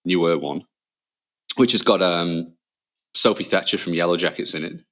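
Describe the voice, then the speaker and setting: A man, a father, co-hosting a podcast, telling stories in lively casual chat and acting out scenes with loud shouts. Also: deep voice, normal speed. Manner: animated storyteller, acts out scenes with loud shouts. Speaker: podcast co-host.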